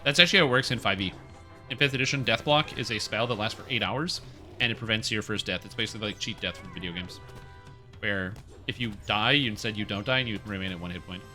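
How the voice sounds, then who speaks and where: Bright-voiced chatty male streamer. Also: fairly low pitch, quick pace, faint music behind. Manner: chatty, jokey, explains as he plays. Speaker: game streamer. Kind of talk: casual gameplay commentary.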